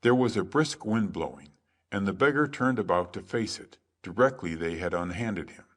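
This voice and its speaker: A man reading a classic adventure tale aloud as calm, measured sleep story narration. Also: deep voice. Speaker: audiobook narrator.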